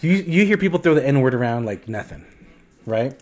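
A man's voice: mid-range voice, expressive, moderate pace, a little mellow, faint music behind. A man in a casual podcast conversation, with an ordinary mid-range voice. He talks emphatically, often stumbling over and repeating his opening words before making his point. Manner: emphatic, repeats words when starting a thought. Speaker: podcast co-host.

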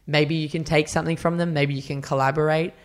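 A man's voice: on the high side, little pitch movement, fast talker. A man, a podcast guest, chatting casually and telling stories, acting out quotes with lots of fillers. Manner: chatty storyteller, acts out quotes, many fillers. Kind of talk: casual interview chat.

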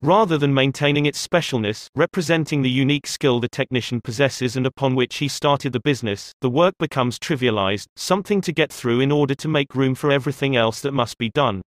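With a mid-range voice, a man reads an audiobook in a measured, expressive storytelling fashion. The clean studio recording is dry.

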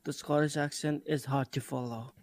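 A man's voice: fairly high pitch, fairly even intonation, normal speed, a little mellow, no echo. Emphatic man, dry close sound. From India. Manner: emphatic, repeats himself, swears casually. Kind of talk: casual chat.

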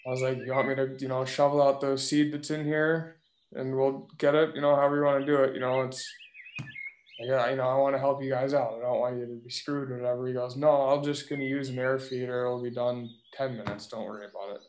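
A man who drives a delivery truck, telling a work story in animated casual chat. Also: mid-range voice, fast. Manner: animated, vivid retelling. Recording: roomy echo with faint noise.

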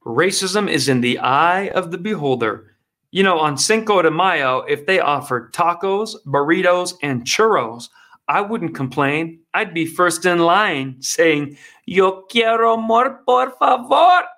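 A man's voice: fairly high pitch, animated, measured pace, bright, forceful tone. A man hosting an online commentary show, reacting to news clips in a sarcastic, emphatic way and talking straight to his viewers.

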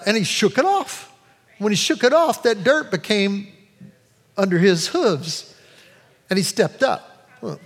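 Middle-aged pastor guy, kinda high voice, rambly sermon stories, big reverb from the church hall. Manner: rambling, self-interrupting storyteller.

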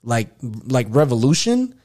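A man from Queens, New York, speaking in an earnest, reflective way about his life. His pitch is in the middle range, and he speaks in a casual conversational tone. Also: sing-song, a little slow, darkish tone.

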